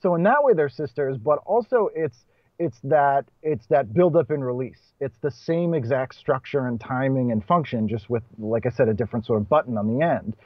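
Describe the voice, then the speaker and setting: A man's voice: mid-range voice, normal speed, no room sound. Chatty comedian man, dull dry audio. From Boston, USA. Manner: chatty, self-correcting, laughs between points. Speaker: stand-up comedian guest. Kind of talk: casual conversational interview. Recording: dull, muffled podcast audio.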